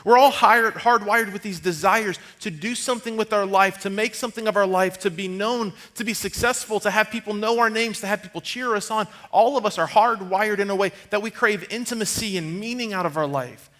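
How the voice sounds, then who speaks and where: Pastor guy in his 30s telling stories in a sermon, kinda high bright voice, chatty and animated. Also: fairly quick, hardly any pauses. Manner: conversational, animated storytelling, drops to a hushed tone for serious moments. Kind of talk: storytelling sermon. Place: church stage.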